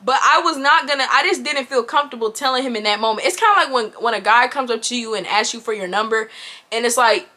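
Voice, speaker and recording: A young woman in her twenties tells a story to her viewers in a lively, chatty way. Her voice sits a little high and sounds bright and forceful. She keeps turning to the audience as she goes. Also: fast. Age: 20s. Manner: animated, chatty, addresses viewers directly. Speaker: YouTuber. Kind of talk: casual storytime.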